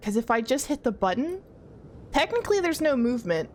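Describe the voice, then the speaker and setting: A woman's voice: high voice, sing-song, a little fast, darkish tone, slight background noise. A young woman streaming a horror game, jittery and talking to her chat as she checks things off aloud. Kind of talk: casual horror game let's play.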